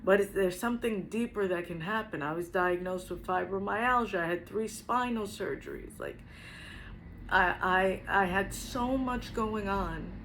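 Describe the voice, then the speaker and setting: A woman's voice: medium pitch, measured pace, fairly bright tone, a little hiss or hum, poor audio. A middle-aged woman, a spiritual healer, telling her own story to the camera earnestly and reflectively, often repeating her phrases. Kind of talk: personal testimony to camera.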